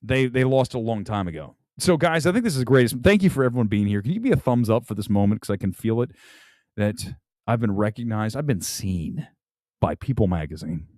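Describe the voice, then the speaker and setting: A man hosting a movie talk livestream, ranting about films with loud outbursts and low mutters. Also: sing-song, brisk, no echo, studio quality. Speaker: film critic show host. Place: home room with film boxes and jerseys.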